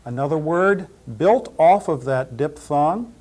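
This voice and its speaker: A man teaching pronunciation, saying each word deliberately and repeating it. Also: on the high side, animated, darkish tone. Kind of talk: slow pronunciation drill.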